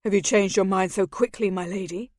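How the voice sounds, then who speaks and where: A brooding, bitter nobleman in a mask, read by a woman, curt and sneering, with passion that flares up quickly. The voice sits at a medium pitch and is recorded dry and close, with no room sound. It comes from an audiobook romance. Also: steady tone, darkish tone, dry recording, natural voice. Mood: intense. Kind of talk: audiobook character voice.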